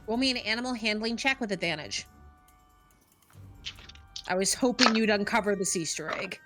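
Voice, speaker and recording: A woman's voice: mid-range voice, moderate pace, over loud music. A woman narrating as game master of a tabletop game, upbeat and often laughing.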